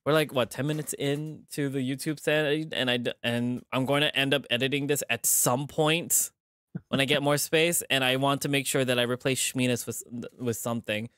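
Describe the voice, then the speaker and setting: A man's voice: medium pitch, fairly even intonation, moderate pace, fairly bright tone, clear, resonant tone, no echo, clean studio sound. A man streaming a game, chatting casually in a rambling way, laughing often and cracking crude jokes. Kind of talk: casual let's-play chat.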